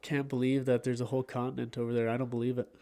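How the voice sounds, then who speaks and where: A man's voice: mid-range voice, flat delivery, racing, warm tone. A young man co-hosting a podcast, laid-back and agreeable, chuckling along in crude casual banter. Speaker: podcast co-host.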